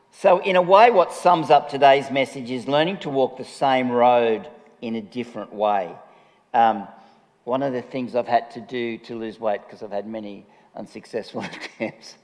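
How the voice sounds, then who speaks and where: A man preaching in a relaxed, joking way, laughing at his own stories between points. His voice sits at an ordinary middle pitch. It carries with a long reverb, as if from a large church hall. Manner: jokey, chatty, laughs often. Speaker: pastor. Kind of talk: conversational sermon.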